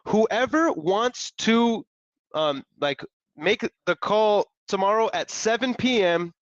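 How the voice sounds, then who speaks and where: An excitable young man hosts a live stream in a slangy, upbeat way, with a slightly high voice. The sound is dry and close, a bit dull and lo-fi. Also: slow, dry recording. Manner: excitable, slangy, laughs often. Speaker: live-stream host making real estate calls. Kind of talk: casual live-stream chat.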